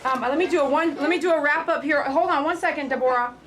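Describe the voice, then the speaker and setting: Woman, pet groomer hosting a live stream, loud and talkative, slightly high voice. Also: fast, a little hiss or hum. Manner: chatty sales pitch. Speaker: pet groomer and livestream host. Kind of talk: casual livestream chat.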